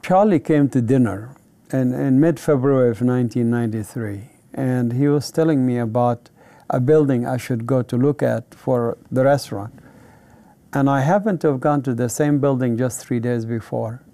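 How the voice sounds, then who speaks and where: A man's voice: medium pitch, normal speed, mellow, dry recording. A middle-aged man from Palestine, telling his personal testimony in an earnest, vivid way. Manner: earnest, vivid storyteller who acts out quoted dialogue. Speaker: interviewee giving a testimony.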